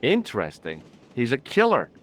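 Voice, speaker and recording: A man's voice: medium pitch, wildly swooping pitch, normal speed, a bit bright. A man voicing a curious young American tourist in an adventure game, asking wry questions. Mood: probing. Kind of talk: video game voice acting.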